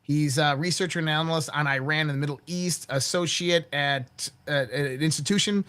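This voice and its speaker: A man's voice: a little high, steady tone, normal speed, bright, forceful tone. A man hosting a casual political commentary show, talking bluntly with crass language and stumbling restarts. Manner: blunt and crass, often curses and repeats words when restarting. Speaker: host of a daily commentary show.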